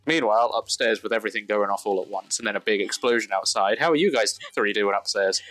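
A man's voice: lowish voice, fast, a bit bright, no room sound, soft background music. Game master, man, matter-of-fact, dry close sound. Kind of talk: narrating a tabletop game.

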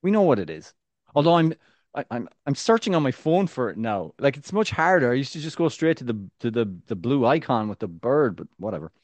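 A man's voice: mid-range voice, very animated, fairly quick, a little mellow, dry recording. A man co-hosting a sports podcast, chatting casually, joking and rambling with frequent restarts. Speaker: podcast co-host.

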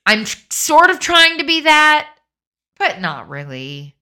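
A woman's voice: sits high, wildly swooping pitch, slow pace, sharp tone. A middle-aged woman talking casually with a nasal, stuffy voice after crying, blunt and wry. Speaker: podcast co-host. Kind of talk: casual couple's chat.

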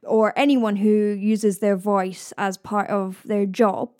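Woman, soft east-coast Scottish accent, host and voice coach, thoughtful conversational chat. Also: medium pitch, fairly even intonation, slow pace, dry recording, clean studio sound. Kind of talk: casual chat.

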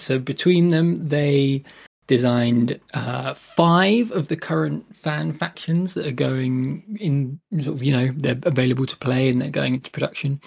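A man hosting a podcast with a casual intro. He talks haltingly and leans on lots of fillers. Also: mid-range voice, creaky, breathy edge. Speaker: podcast host.

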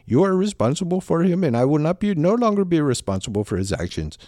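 A man's voice: a little high, big pitch swings, fast, warm tone, dry recording, clean studio sound, voice pushed up. A man voicing an insistent male hospital doctor in a put-on Indian accent.

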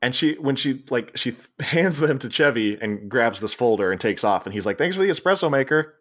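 This man talks at a regular pace in a mid-range, slightly bright voice marked by a Philadelphia accent. On a laid-back movie podcast he co-hosts, he rambles through the plot, chuckling and restarting sentences a lot.

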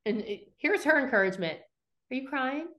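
A middle-aged woman with a high voice and brisk delivery hosts a podcast, casually recapping episodes scene by scene. She's an animated storyteller who acts out the quotes and swears freely.

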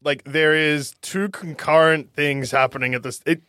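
Halting Australian man on a podcast. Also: a little high, steady tone, bright, forceful tone, smooth, no room sound, studio quality. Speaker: podcast co-host. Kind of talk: casual movie review chat.

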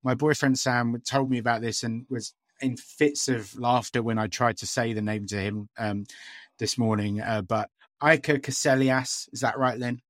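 A podcast co-host chats casually, speaking hesitantly with many fillers and restarts. His mid-range voice has fairly even intonation and a normal speed, recorded cleanly in a studio with no room sound.

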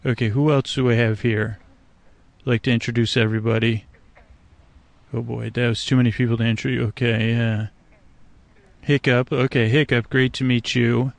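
A man's voice: medium pitch, level tone, normal speed, gravelly, long pauses, no echo. A man hosting a sleep podcast, rambling and hesitant while improvising a monologue to the frogs outdoors by a swamp at night. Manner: meandering, hesitant, full of restarts and fillers, talks to frogs.

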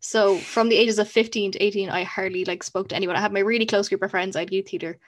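Fast-talking woman, candid chat. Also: mid-range voice, steady tone. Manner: candid, sweary, laughs often. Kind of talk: casual chat.

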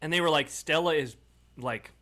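A man's voice: a little high, moderate pace, bright, forceful tone. A man co-hosting a casual sports podcast, telling stories and reading listener comments in an easygoing way. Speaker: podcast co-host. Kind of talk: casual chat.

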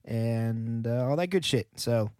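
A man's voice: mid-range voice, takes it slowly, a little mellow, clear, resonant tone, no room sound, studio quality. A man co-hosting a podcast, joking around sarcastically and swearing in casual chat. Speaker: podcast co-host, band member.

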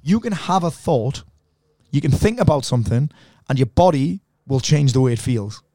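A man's voice: medium pitch, normal speed, no room sound, clean studio sound. A man, a mindset coach chatting casually on a podcast, swearing freely and acting out quotes as he tells stories. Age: 40s. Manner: swearing, animated storytelling with quoted voices.

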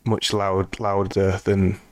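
Low, flat-voiced man, podcast co-host. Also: slow, dry recording. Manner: meandering, restarts sentences, dry humor. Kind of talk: casual film discussion.

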